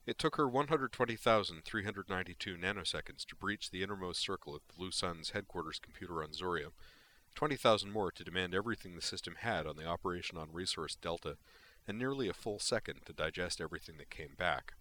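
Male narrator for sci-fi audiobook, deep with a crisp bright edge, steady. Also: quick pace, slight background noise. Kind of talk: audiobook reading of sci-fi fiction.

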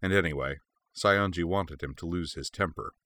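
Deep-voiced man reading a story. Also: normal speed, sharp tone, dry recording. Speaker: narrator. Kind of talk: audiobook reading of fan fiction.

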